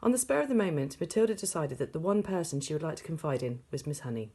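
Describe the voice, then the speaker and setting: A woman reading a children's novel aloud, steady and expressive. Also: deep voice, fast, breathy edge. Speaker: audiobook reader. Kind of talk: storybook read-aloud.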